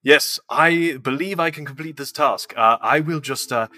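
A man's voice: a little high, moderate pace, sharp tone. A man voicing a polite male adventurer who accepts a quest in formal, stiff speech. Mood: dutiful. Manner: formal, stiff, mock-heroic.

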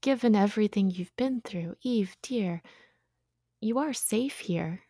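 A woman's voice: fairly high pitch, lively intonation, unhurried, darkish tone, no room sound, clean studio sound. A woman playing a sweet, prying motherly housewife. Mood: coaxing, chatty. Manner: soothing, coaxing, chatty. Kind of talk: audio drama acting.

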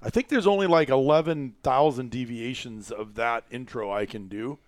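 A man's voice: mid-range voice, moderate pace, no room sound. A man hosting a casual podcast from a small media room at his business, rambling and joking with plenty of fillers. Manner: rambling, filler-heavy, jokey. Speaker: podcast host.

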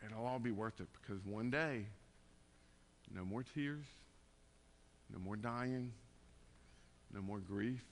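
A man preaching a conversational sermon, moving between quiet, tender passages and loud emphatic bursts. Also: on the low side, takes it slowly, long pauses, slight background noise. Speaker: pastor.

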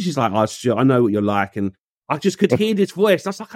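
Animated man telling a story. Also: fairly high pitch, brisk, no room sound, clean studio sound. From England. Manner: animated, acts out quoted voices, uses street slang. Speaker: guest. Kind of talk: casual storytelling in conversation.

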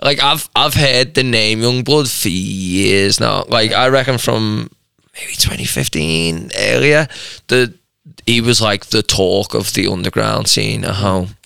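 Brief: young Australian male co-host, bright, close-miked, teasing banter. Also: on the low side, unhurried, gravelly, smooth, no room sound. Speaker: podcast co-host. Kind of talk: casual chat.

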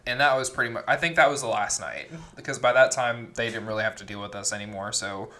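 A man's voice: mid-range voice, fast talker, pushed and bright. A man co-hosting a podcast, telling the story of a trip in an easygoing, detailed way. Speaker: podcast co-host. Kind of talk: casual storytelling chat.

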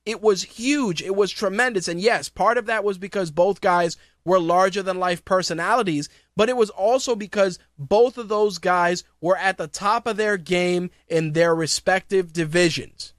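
A man's voice: high voice, moderate pace, hardly any pauses, fairly bright tone, no echo, clean studio sound. A man hosting a podcast, ranting profanely and sarcastically in opinionated wrestling talk. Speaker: podcast host.

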